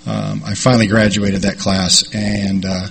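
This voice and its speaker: A middle-aged man sharing a recovery story in a rambling, halting way, with many fillers. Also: fairly low pitch, flat delivery, creaky, a bit bright, slight background noise. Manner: rambling, halting delivery with repeated "and, uh". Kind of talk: personal storytelling talk.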